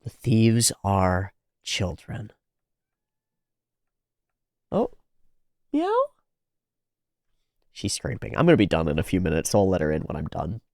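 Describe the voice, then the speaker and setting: A man's voice: low-pitched, wildly swooping pitch, normal speed, creaky, pauses often, a little mellow, dry recording, clean studio sound. A man hosting a reaction video, talking casually and animatedly, swearing freely with frequent restarts. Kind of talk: casual commentary on an anime episode.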